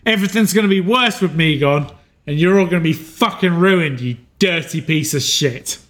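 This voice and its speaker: A man's voice: on the high side, fairly bright tone, close to an everyday voice. A man voicing a dying male stranger who spits crude insults. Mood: enraged. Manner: spitting insults, slow and deliberate.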